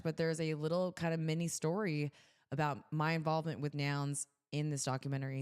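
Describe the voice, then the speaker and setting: A woman's voice: low-pitched, clear, resonant tone. A woman from California co-hosting a podcast, chatting casually and bubbly, with lots of "like" fillers. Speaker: podcast co-host. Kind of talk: casual chat.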